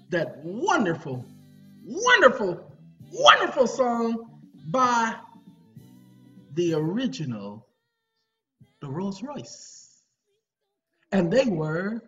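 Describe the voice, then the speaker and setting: A man's voice: sits high, sharp tone. Tired man rambling in lo-fi audio. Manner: rambling, joking, drawling, breaks into song. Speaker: video host. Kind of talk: casual rambling monologue. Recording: dull lo-fi recording with faint music.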